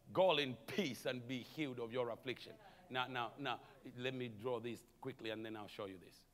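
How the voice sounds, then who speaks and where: A man preaching a sermon as pastor, animated, calling out to the congregation and chuckling between points. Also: mid-range voice, moderate pace, in a large hall. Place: church sanctuary.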